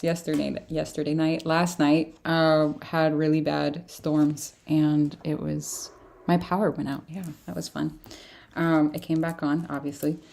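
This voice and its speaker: A woman's voice: fairly low pitch, creaky, darkish tone, a little hiss or hum. A tired woman giving a casual livestream tarot reading, chatting in a rambling way and laughing often. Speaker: tarot reader.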